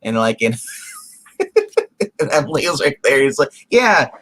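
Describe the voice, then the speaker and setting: A man co-hosting a casual review podcast, animated and often restarting his sentences. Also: mid-range voice, normal speed. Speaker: podcast co-host.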